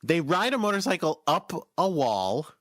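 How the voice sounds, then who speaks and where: A man's voice: on the high side, big pitch swings, normal speed, fairly bright tone, no room sound, clean studio sound. A man co-hosting a podcast in casual chat, recapping an episode in a rambling, self-correcting way. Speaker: podcast co-host.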